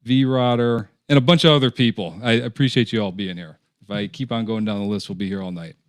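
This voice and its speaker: Low-voiced man hosting a live interview. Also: fairly even intonation, fast talker, no echo, studio quality. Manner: easygoing, reads chat names aloud. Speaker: host. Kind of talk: casual live-stream interview.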